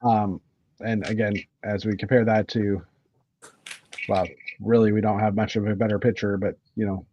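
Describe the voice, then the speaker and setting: A man's voice: lowish voice, little pitch movement, normal speed, warm tone, muffled recording. A man from Canada hosting a casual livestream chat, rambling with lots of fillers and restarts. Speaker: livestream host.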